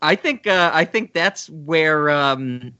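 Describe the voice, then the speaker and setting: Bright-voiced man co-hosting a podcast. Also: fairly high pitch, animated, takes it slowly, clean tone, highs cut off. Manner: laughs often, rambling asides. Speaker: podcast co-host. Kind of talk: casual podcast chat.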